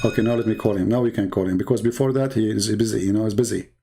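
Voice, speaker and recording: A man questions a guest in a comedy skit, hesitant and playing innocent. His voice sits low and he stumbles over fillers before each point. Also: steady tone, rapid-fire, very noisy. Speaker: host. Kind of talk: comedic skit, mock interview.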